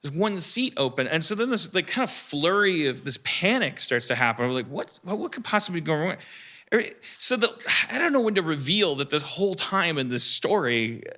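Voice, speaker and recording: Sharp-voiced man telling a rambling story. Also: fairly high pitch, sing-song. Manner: rambling, halting, full of restarts and asides. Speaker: podcast guest telling a story. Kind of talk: casual comic storytelling on a live podcast.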